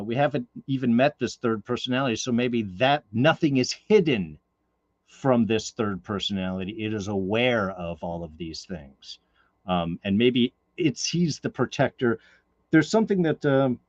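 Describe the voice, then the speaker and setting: A man's voice: lowish voice, darkish tone, no echo. Rambling male podcast host, dull mic. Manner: thoughtful, rambling, lots of fillers. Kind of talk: casual podcast discussion.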